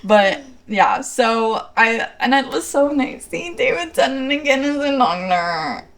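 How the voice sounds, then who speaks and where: A woman's voice: sits high, lively intonation, measured pace, fairly bright tone. A young woman co-hosting a casual podcast, chatting enthusiastically about a TV episode and sharing fun facts with a laugh. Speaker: podcast co-host. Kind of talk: casual chat reviewing a TV episode.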